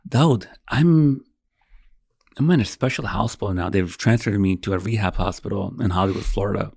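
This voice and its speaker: A man in his thirties with a low voice, telling an emotional story with animated energy and acting out every line of dialogue. He swears freely and the recording is dry and close. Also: moderate pace, creaky, slightly rough, dry recording. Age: 30s. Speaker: podcast guest.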